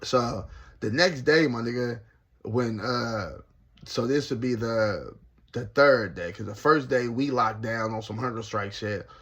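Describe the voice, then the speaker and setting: Gravelly, slangy man telling prison stories. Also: medium pitch, measured pace. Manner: slangy, animated, laughs often. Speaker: former prisoner telling his story. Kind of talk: casual storytelling.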